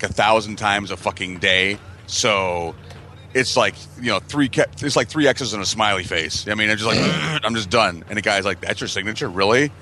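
A man with a bright, lower-pitched voice swaps stories on a casual podcast. He swears freely, laughs often, and acts out the lines of the people in his stories. A faint hum of room ambience sits behind him. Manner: profane, laughing, acts out quotes. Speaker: podcast regular. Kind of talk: casual storytelling chat.

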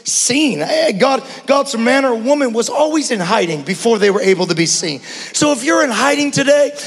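A man preaching a sermon as pastor, passionate, swinging between hushed talk and shouting. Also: very high voice, lively intonation, normal speed, husky, long reverb tail. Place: church.

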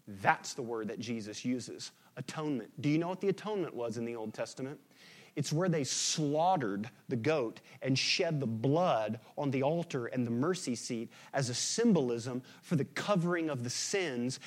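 A man preaching a sermon as pastor, swinging between loud emphatic bursts and quiet, hushed lines. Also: fairly high pitch.

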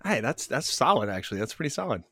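An American man, a guest on a podcast, relaxed and good-humoured in casual conversation. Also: mid-range voice, fast talker, no echo, clean studio sound. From United States.

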